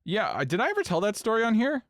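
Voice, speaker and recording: Animated man telling a story. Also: fast, dry recording, studio quality. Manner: animated, swings pitch up when incredulous, swears casually. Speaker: podcast co-host. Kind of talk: casual storytelling chat.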